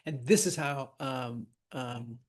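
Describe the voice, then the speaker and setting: A man's voice: medium pitch, steady tone, slow. A man teaching a lesson on verse scansion, chatty and demonstrative, sounding out rhythms aloud.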